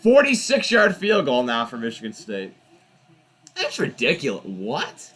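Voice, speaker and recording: A man's voice: mid-range voice, measured pace, breathy edge. A young man hosting a football watch party, giving casual live commentary and ranting in exasperation at the referees. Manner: animated, exasperated ranting about refs.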